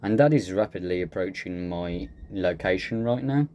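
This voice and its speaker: A man's voice: sits low, lively intonation, moderate pace, darkish tone, slight background noise. A man giving casual, joking gameplay commentary, laid-back and swearing freely. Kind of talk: casual let's-play commentary.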